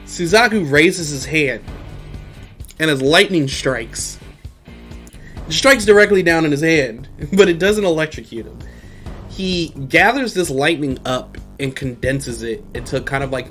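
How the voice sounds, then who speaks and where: A man's voice: medium pitch, fairly bright tone. A young man hosting a podcast, casually recapping an anime episode in a rambling, profane way and laughing often. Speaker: podcast host.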